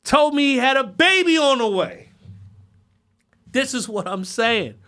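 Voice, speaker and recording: Man, podcast host, high pitched, bright edgy tone, heated profane rant. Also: expressive, unhurried, smooth.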